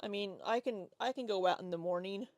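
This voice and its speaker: A woman's voice: medium pitch, a little fast, a little mellow, dry recording. A woman in her forties chatting casually on a livestream, rambling as she reads and answers chat. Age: 40s. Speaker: livestream host.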